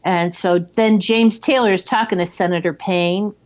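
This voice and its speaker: A woman casually recapping a film from her notes, playful and animated. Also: on the low side, normal speed.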